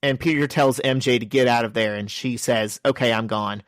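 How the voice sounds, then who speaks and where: Man, podcast co-host, jokey recapper, mid-pitched voice, close dry mic. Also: fairly even intonation, brisk, dry recording. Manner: joking, summarizes plot and reads out dialogue. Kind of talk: casual comic book discussion.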